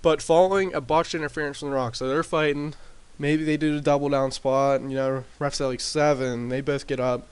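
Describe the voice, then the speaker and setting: A man casually recapping his wrestling sim game in a rambling way, with lots of fillers and restarts, talking into a desk mic turned up loud. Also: fairly high pitch, steady tone, fairly quick, few pauses, clean tone. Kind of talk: casual commentary over gameplay. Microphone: desk mic with boosted gain.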